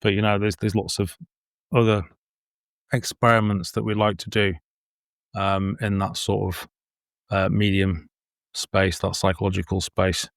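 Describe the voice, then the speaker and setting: A filmmaker and paranormal investigator chats as a guest in a casual interview, speaking in a low, gravelly, flat voice at an unhurried pace with long pauses. He rambles with many ums and repeated words, captured in clean studio sound with no echo.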